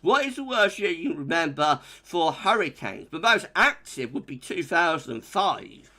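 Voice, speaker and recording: A man's voice: fairly high pitch, big pitch swings, normal speed, bright, forceful tone. A young man giving a chatty live-streamed weather forecast, reading out viewer comments with a jokey manner.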